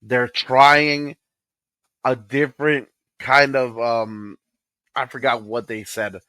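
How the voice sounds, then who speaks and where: A man co-hosting a podcast, chatting casually about a movie he just saw and retelling scenes with excitement. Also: mid-range voice, takes it slowly, dry recording, poor audio. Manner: excitable, retells scenes with acted quotes and laughter. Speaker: podcast co-host. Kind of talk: casual movie review chat.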